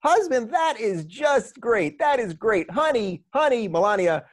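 A man impersonating a boisterous older male president, speaking in loud exclamations. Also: very high voice, big pitch swings, measured pace, voice pushed up, full character voice. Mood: delighted.

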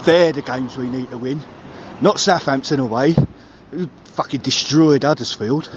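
Angry bloke ranting down a muffled phone, faint traffic behind, swears a lot. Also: male voice, mid-range voice, normal speed. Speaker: caller. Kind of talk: voicemail rant.

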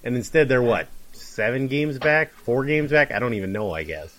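A male co-host chatting casually about sports. He rambles along with a wry, joking edge, and his pitch sits in a middling range. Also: animated, normal speed, a bit bright, slight background noise. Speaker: podcast co-host.

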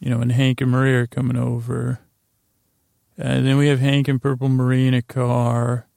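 A man's voice: medium pitch, completely flat delivery, moderate pace, gravelly, darkish tone, no echo, clean studio sound. A man hosting a podcast, loosely recapping scenes in a rambling way, full of fillers and restarts as he paraphrases what characters say. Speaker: podcast host. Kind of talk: rambling episode recap for sleep.

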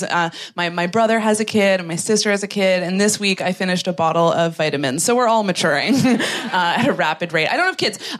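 A Canadian woman doing a stand-up set on a theatre stage, self-deprecating and halting, with lots of "like"s. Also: mid-range voice, fairly bright tone. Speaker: stand-up comedian. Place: theatre stage, recorded live.

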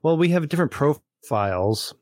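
A man's voice: a little high, expressive, normal speed, darkish tone, no echo, clean studio sound. Chatty man musing in podcast banter. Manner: chatty, talks it through with hedges. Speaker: podcast co-host. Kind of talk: casual chat.

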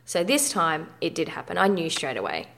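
30s aussie woman talking openly, lower voice, casual and frank. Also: very animated, normal speed, creaky, fairly bright tone. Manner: frank, conversational, uses mild swearing. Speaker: guest. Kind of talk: candid personal interview.

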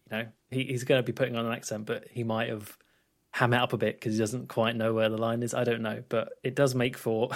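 A man co-hosting a podcast, talking about a film in a laid-back, hesitant way with frequent restarts and laughs. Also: mid-range voice. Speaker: podcast co-host. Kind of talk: casual film review chat.

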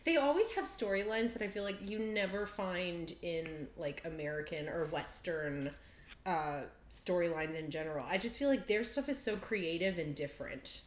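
A woman's voice: fairly low pitch, animated, normal speed. A woman co-hosting a podcast, casual chat with playful, jokey reactions. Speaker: podcast co-host. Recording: roomy echo.

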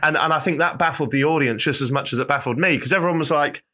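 A man's voice: a little high, fast talker, sharp tone. A young man, chatting as a podcast guest, rambling, restarting sentences and laughing often. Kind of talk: casual interview chat.

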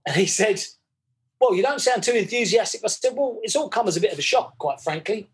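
High-voiced man telling lively anecdotes. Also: brisk. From England. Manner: animated anecdotes, acting out both sides of conversations. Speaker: guest. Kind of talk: casual storytelling chat.

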